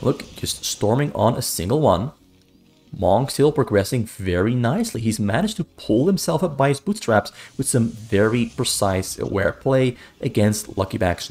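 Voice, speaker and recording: A man casts a strategy game match solo in a steady mid-pitched voice. He talks in a brisk, running play-by-play and doubles up on the big calls for emphasis. Faint music plays quietly underneath. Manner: brisk running commentary, repeats key phrases for emphasis. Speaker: esports caster.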